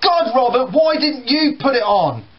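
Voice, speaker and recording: A man voicing a quick-tempered teenage boy who grumbles irritably at his family. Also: high-pitched, muffled recording, pitched above the performer's own voice. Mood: irritable. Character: sulky teenage older brother, quick-tempered.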